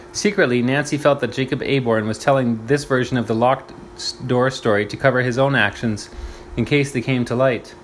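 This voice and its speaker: A man reading a storybook aloud, slow and deliberate, pausing to explain words. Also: medium pitch, a little hiss or hum. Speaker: reader.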